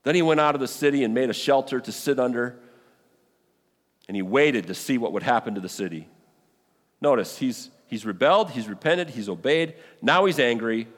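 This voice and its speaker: A man preaching a sermon as a pastor, animated and exclamatory, acting out the people in the scripture. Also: mid-range voice. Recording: long hall reverb.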